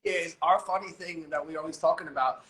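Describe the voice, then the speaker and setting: A man talking as a podcast guest, blunt and animated, swearing casually. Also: on the high side, a little fast, echoey room. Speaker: guest, business owner.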